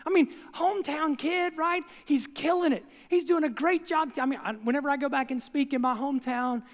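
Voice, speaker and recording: Animated preacher in a reverberant hall. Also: male voice, extremely high pitch, brisk. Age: older. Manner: animated storytelling, voicing the crowd in quotes. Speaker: pastor. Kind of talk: sermon.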